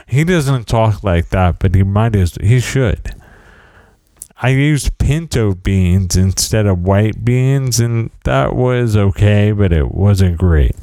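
A middle-aged man talks slowly and at length, rambling through self-deprecating stories on his own podcast. His voice sits a little low, with a mellow, smooth tone. The sound is dry and close, with no room around it. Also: dry recording. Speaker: podcast host. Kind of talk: casual solo monologue.

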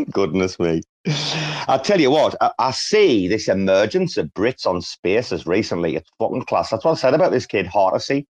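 A man's voice: fairly low pitch, big pitch swings, normal speed, slightly rough. A British man co-hosting a casual online chat, joking, teasing and swearing a lot. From Britain. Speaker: co-host. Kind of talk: casual banter on an audio chat space. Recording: dull lo-fi audio.

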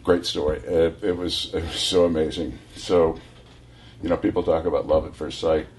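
A man in his sixties from California, a guest telling rambling, animated stories full of restarts. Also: extremely low pitch, normal speed. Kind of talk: casual storytelling.

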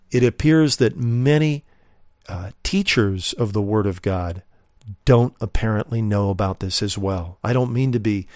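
A man's voice: lowish voice, no room sound, clean studio sound. A man preaching a sermon, earnest and emphatic, calling listeners friends and asking rhetorical questions while drawing out key words. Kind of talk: sermon teaching.

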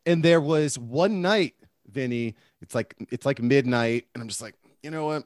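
A man's voice: mid-range voice, normal speed, a little mellow, dry recording, studio quality. A man in his late thirties telling stories in a casual chat, in an easygoing way with many fillers. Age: late 30s. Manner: easygoing storyteller, lots of fillers. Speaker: podcast guest.

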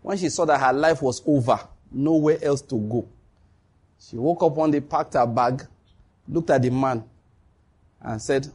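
A man preaching a sermon, telling stories with lively acted-out dialogue and frequent laughter. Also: medium pitch, a little slow, long pauses, slightly rough. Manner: animated storytelling, laughs often, acts out dialogue.

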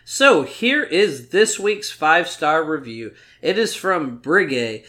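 A man co-hosting a podcast in casual, joking chat, tossing in quick asides. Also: on the high side, animated, sharp tone. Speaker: podcast co-host.

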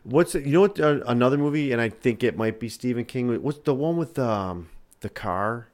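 A man's voice: mid-range voice, lively intonation, moderate pace, a little mellow. A man co-hosting a podcast in casual late-night chat, joking and teasing in a laid-back way. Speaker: podcast co-host.

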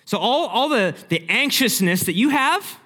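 A young man preaching a sermon, telling the story vividly and acting out the scenes, dropping from loud to hushed. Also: very high voice, sing-song, normal speed. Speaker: pastor. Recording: long hall reverb.

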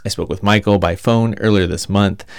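A male reporter reading scripted narration in a measured way. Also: fairly low pitch, fairly even intonation, clear, resonant tone, dry recording, studio quality. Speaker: radio reporter.

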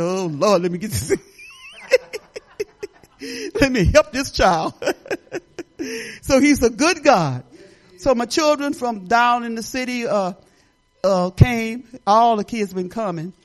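An older woman giving a rambling, chatty testimony at church, often laughing and restarting her sentences. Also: mid-range voice.

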